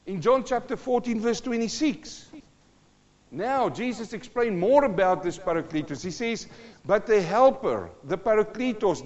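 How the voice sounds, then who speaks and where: A man preaching a sermon from the front of a church, emphatic, swinging between hushed asides and loud bursts. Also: high-pitched, long reverb tail, lo-fi sound. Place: church hall.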